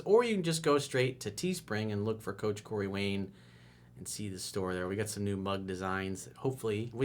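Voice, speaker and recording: A man who works as a dating coach, talking casually and with emphasis in a coaching video, his voice often jumping up in pitch and loudness.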